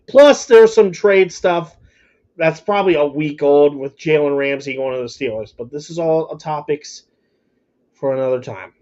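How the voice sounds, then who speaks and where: Profane, excitable solo podcast host. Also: medium pitch, unhurried, muffled recording. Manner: stumbles over words. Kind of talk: solo podcast rant and sports rundown.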